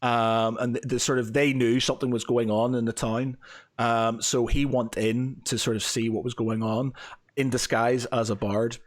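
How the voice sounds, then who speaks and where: A man running a tabletop game in a mid-range voice. He talks haltingly, circling back with ums and uhs as he describes what the players see. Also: medium pitch, flat delivery. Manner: halting, full of fillers and restarts. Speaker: dungeon master.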